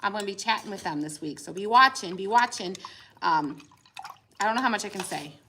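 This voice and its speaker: A woman's voice: mid-range voice, lively intonation, fairly quick, pushed and bright, a little hiss or hum. Giggly woman crafting on a livestream. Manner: chatty, giggly, says "y'all" often. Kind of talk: casual livestream chat while painting. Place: home craft room.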